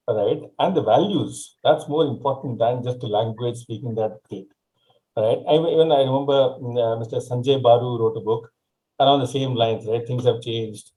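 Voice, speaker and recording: A man's voice: mid-range voice, warm tone, poor audio. A man hosting a casual talk-show interview, hesitant with many fillers and repeated words. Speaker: host.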